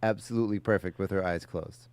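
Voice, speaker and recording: A man co-hosting a radio morning show, telling anecdotes in an easygoing, unhurried way into a studio microphone. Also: deep voice, fairly even intonation, a little mellow, clear, resonant tone, dry recording. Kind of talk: casual on-air chat and storytelling.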